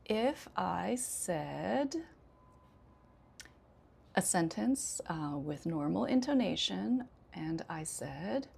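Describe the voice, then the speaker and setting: An American woman, an ESL teacher, explaining intonation in an unhurried way with frequent pauses. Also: lowish voice, lively intonation, gravelly, a little mellow, husky. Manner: unhurried, many 'um' pauses, demonstrates intonation examples. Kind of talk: casual instructional talk.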